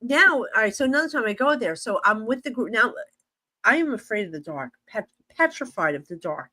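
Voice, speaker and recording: A woman with a New Jersey accent, a guest psychic medium telling stories in a lively conversational way with many fillers. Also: a little high, brisk. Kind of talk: animated storytelling in conversation.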